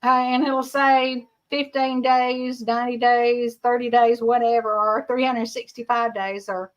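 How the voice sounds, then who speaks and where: A woman's voice: on the high side, little pitch movement, unhurried, dull audio. A middle-aged woman with a Georgia Southern accent, hosting a casual livestream, chatty and laughing often while reading viewer comments. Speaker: livestream host.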